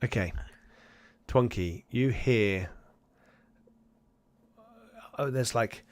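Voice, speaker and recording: A man's voice: medium pitch, drawn-out words. A man running a tabletop game as game master, narrating loosely and acting out side characters as he goes.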